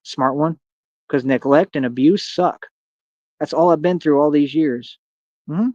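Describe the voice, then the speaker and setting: A man's voice: a little high, measured pace, mellow, no echo, lo-fi sound. Man ranting, taunting, boastful. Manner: confrontational, boastful, taunting, slang-heavy. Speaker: streamer. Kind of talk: ranting monologue to camera.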